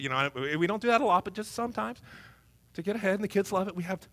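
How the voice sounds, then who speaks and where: Animated, joking male pastor preaching. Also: high voice, rapid-fire. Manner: humorous, animated, conversational preaching. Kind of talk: sermon. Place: church, before a congregation.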